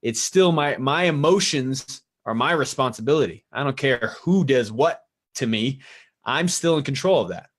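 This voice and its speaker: Male co-host, mid-pitched, thoughtful, talks in rhetorical questions. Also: lively intonation, moderate pace, slightly rough. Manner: reflective, asks rhetorical questions. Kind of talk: casual talk show discussion.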